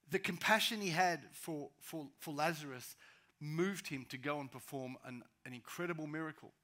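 A pastor with a fairly high-pitched voice preaches a sermon. He swings between loud, urgent rises and quiet, slow drops.

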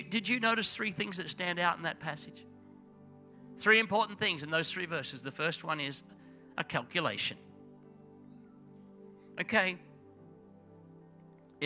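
Man, pastor, church sermon, piercing bright tone, soft music underneath. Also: sits high, moderate pace, pauses often. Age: middle-aged. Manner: impassioned, swings between loud urging and hushed intensity.

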